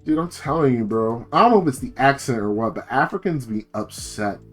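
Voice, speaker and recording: A man's voice: medium pitch, animated, fairly quick, fairly bright tone, faint music behind. A young American man streaming as a VTuber, rambling through a profane, casual rant full of filler words. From United States.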